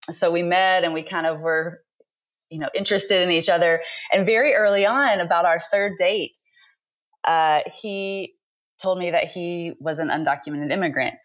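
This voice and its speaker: A woman in her thirties, a book author speaking as a podcast guest, talking thoughtfully with frequent pauses. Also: on the low side, lo-fi sound. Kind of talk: conversational interview.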